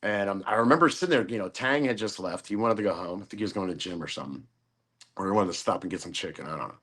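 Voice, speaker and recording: Lower-voiced man telling a profane story. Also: rapid-fire, fairly bright tone, breathy edge. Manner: profane, acts out quoted voices. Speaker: podcast guest. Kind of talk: casual storytelling in a podcast interview.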